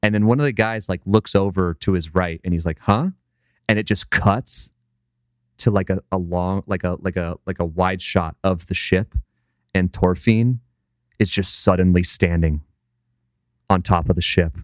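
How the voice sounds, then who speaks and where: A man with a very low, smooth, resonant voice, recorded close and dry. He chats casually and profanely, piling up fillers as he retells a scene. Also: steady tone, normal speed, dry recording. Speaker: podcast co-host. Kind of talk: casual chat.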